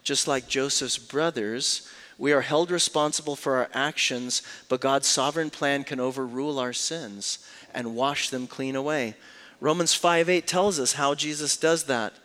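A man preaching a sermon as a pastor, swinging between hushed, slow lines and loud, raised passages. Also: medium pitch.

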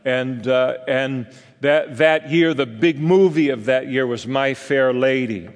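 A man's voice: medium pitch, slow. A man in his sixties from California, preaching a sermon in a folksy, rambling storytelling way with many fillers. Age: 60s. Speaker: pastor. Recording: long hall reverb.

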